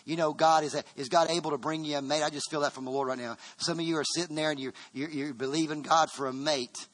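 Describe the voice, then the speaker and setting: A man's voice: on the high side, fairly even intonation, fast talker, a bit bright. A man preaching a sermon to his congregation as pastor, fervent, often restarting and repeating words.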